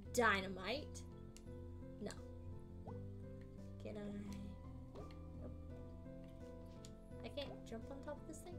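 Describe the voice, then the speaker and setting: A woman giving casual let's-play commentary in a high voice, thinking aloud and often repeating herself. She breaks into animated exclamations now and then. Faint music runs underneath. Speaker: gaming streamer.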